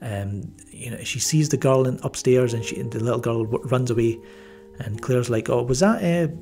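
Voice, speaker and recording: A man's voice: medium pitch, fairly even intonation, normal speed, dark tone. A man giving a casual spoken movie review, rambling with many fillers and restarts and a wry, mildly sarcastic edge. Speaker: film reviewer.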